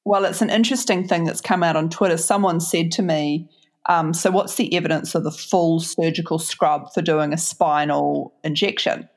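A woman from New Zealand with a New Zealand accent, co-hosting a podcast in casual chat and explaining things in a measured way. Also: low-pitched, steady tone. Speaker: podcast co-host.

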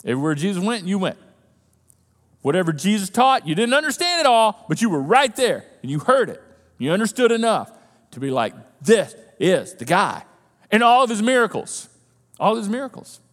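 A man preaching a sermon, conversational and animated as he acts out the disciples' panic. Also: sits high, brisk, long reverb tail. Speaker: pastor.

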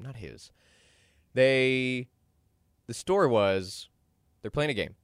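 A young man from Dallas hosts a podcast full of opinionated, ranting commentary, growing animated and jumping in pitch as he gets worked up. The studio sound is clean, with no echo.

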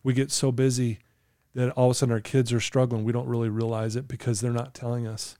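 A middle-aged man speaks in an earnest, coaching way, telling stories as a guest on a podcast. His voice is warm and mellow at a middle pitch. The sound is dry and close. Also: little pitch movement, quick pace, dry recording. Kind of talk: casual podcast chat.

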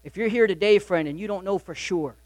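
High-voiced preacher man, dry and close. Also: fairly quick, no room sound. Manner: emphatic preaching, swinging between loud and soft. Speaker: pastor. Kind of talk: sermon.

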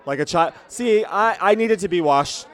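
A man hosting a podcast in casual chat at a venue after a concert, with a worn, hoarse voice after a night of singing. He is excitable, theatrical and laughs often. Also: sits high, moderate pace. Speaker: podcast host.

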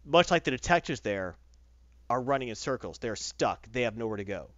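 A man hosting a casual comic book recap, retelling the plot with animated delivery and quick character voices. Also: mid-range voice, no echo. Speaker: podcast host reviewing comics. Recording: dull lo-fi dry recording.

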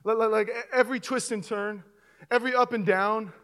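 A young man preaching as a pastor, telling a comic story to his church and getting loud and animated at the funny parts. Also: high voice, fairly quick, clear, resonant tone. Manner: animated storyteller, voice rising sharply with excitement. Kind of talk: sermon with a comic personal story. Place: church auditorium with audience.

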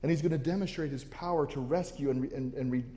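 A man preaches a sermon in a church, his voice mellow and warm at an ordinary pitch. He talks earnestly, often restarting his phrases, and a long reverb from the hall trails each line. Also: fast talker. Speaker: pastor. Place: church sanctuary.

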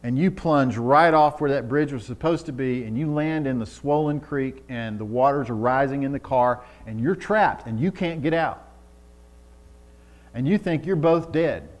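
A man preaching a sermon on marriage, telling vivid stories and building to loud, emphatic exhortation. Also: medium pitch, normal speed, hardly any pauses. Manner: storytelling with acted-out quotes, rising to loud emphatic preaching.

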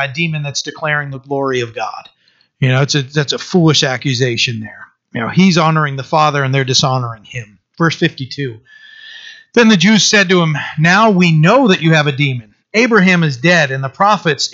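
A man gives a verse-by-verse Bible teaching, reading scripture aloud slowly and then explaining it casually with many restarts. His voice sits a little high and sounds bright and forceful. The recording is dull and lo-fi.

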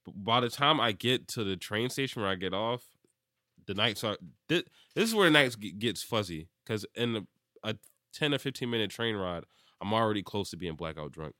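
A man's voice: lowish voice, expressive, brisk, bright, forceful tone, no echo, studio quality. A young man telling a rambling drunk story in casual chat, laughing often and filling with "like.".

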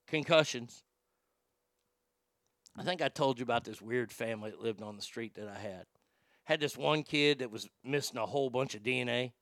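A man around forty hosts a casual podcast and tells blunt, profane stories with animated energy. His voice is bright, gravelly and very smooth. It is recorded on a close, dry mic. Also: fairly high pitch, dry recording. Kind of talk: casual storytelling chat.

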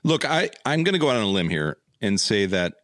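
A man's voice: fairly low pitch, very animated, fairly quick, fairly bright tone, no room sound, studio quality. A man hosting a podcast, joking around and rambling in casual chat. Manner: jokey, rambling. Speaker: podcast host.

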